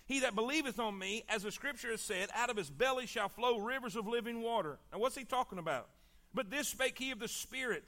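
A man preaches a sermon with a very high, bright voice. He repeats his points emphatically and calls for the congregation to answer. His delivery sounds like a pastor's.

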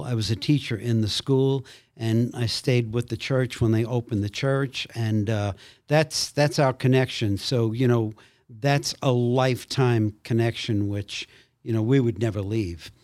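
The medium-pitched voice of an older man, an actor and minister, comes through clean and dry in a studio recording. Unhurried, he guests on a podcast interview, telling stories with animation and acting out the quotes.

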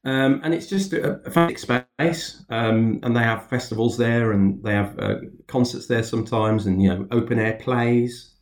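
Man, guest comedian; easygoing, halting chat; roomy echo. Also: medium pitch. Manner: amiable, hesitant, lots of ums. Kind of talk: casual chat.

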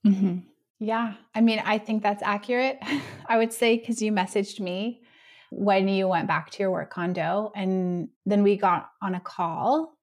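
A woman's voice: mid-range voice, steady tone, a little slow. A woman co-hosting a podcast, chatting casually and upbeat, laughing often. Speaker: podcast co-host.

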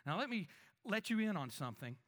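A man preaching as a pastor, talking conversationally and asking the congregation rhetorical questions, his voice swinging between emphatic lines and quiet asides. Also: high-pitched, sing-song, a little fast. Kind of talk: sermon.

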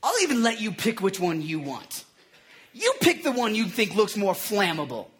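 A man's voice: high-pitched, huge pitch swings, moderate pace, fairly bright tone, slight background noise, full character voice. A man voicing a cocky male prophet who mocks and taunts his rivals. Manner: mocking, taunting.

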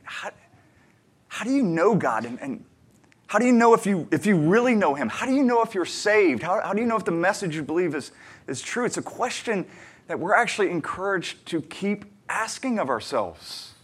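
A pastor with a high-pitched, slightly rough voice delivers a sermon, sharing a personal story in an earnest, conversational tone. He swings between quiet asides and emphatic questions that press his listeners.

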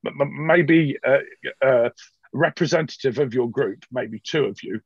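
A man's voice: medium pitch, unhurried, breathy edge, dry recording, lo-fi sound. A man voicing a fussy, self-important male official who stammers and fusses. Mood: flustered.

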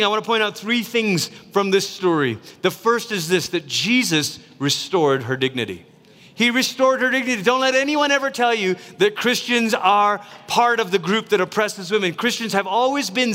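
A man from Malaysia preaching a sermon in a lively, conversational way, acting out quotes as he goes. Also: high voice, in a large hall. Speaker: pastor.

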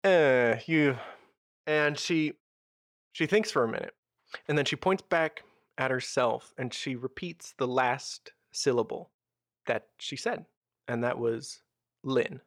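A man narrating a tabletop role-playing game as game master, with measured, descriptive storytelling. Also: medium pitch, fairly bright tone, dry recording, clean studio sound.

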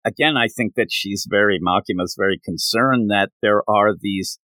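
A man co-hosting a podcast in casual chat, retelling scenes in an animated way with quoted lines. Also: lowish voice, moderate pace, no echo. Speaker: podcast co-host.

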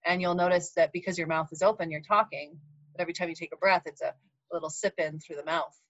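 A woman hosting a podcast, telling stories in an animated, laughing way over a video call. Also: lowish voice, quick pace, no room sound, highs cut off. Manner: animated storyteller, laughs often. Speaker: podcast host. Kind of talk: casual heartfelt conversation.

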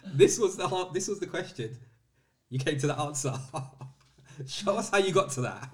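A man's voice: on the high side, expressive, moderate pace. A man co-hosting a casual podcast chat, talking easily and laughing often. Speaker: podcast co-host.

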